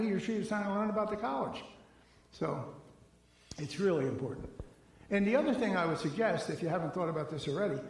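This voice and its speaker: High-voiced man in an echoey hall. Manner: animated storytelling, acts out dialogue. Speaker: seminar speaker. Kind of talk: conversational seminar talk. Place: large echoey church hall.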